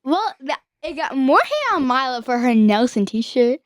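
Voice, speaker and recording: A woman's voice: sits high, big pitch swings, moderate pace, no room sound, clean studio sound. A teenage girl co-hosting a family podcast, blunt and joking. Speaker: co-host, daughter. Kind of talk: casual family podcast chat.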